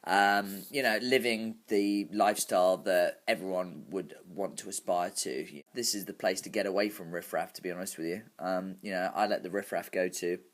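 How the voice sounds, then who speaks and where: A man's voice: low-pitched, steady tone, normal speed, hardly any pauses, natural voice. An actor playing a brash, bragging male club promoter, in a comic character monologue full of fillers. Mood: cocky. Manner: cocky, bragging, full of "you know" fillers.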